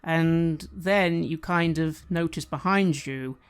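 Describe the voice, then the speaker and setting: Measured tabletop game master narrating. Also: mid-range voice, smooth.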